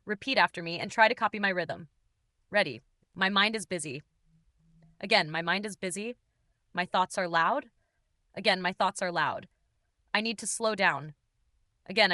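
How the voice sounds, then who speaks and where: A woman hosting a beginner English lesson podcast, speaking in slow, simple sentences with a gentle, encouraging and playful manner. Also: medium pitch, no room sound, studio quality. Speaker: English teacher and podcast host.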